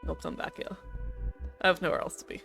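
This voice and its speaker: A woman's voice: a little fast, fairly bright tone, faint music behind, close to an everyday voice. A woman putting on a pompous old ghoul. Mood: solemn. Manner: grandiose, solemn delivery.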